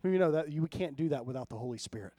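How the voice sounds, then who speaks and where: A man with a notably high voice preaches a sermon in a relaxed, conversational way. He keeps checking in with his listeners and slips into humorous storytelling. The sound is dry and close. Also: racing, dry recording. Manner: conversational preaching with frequent audience check-ins. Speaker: pastor.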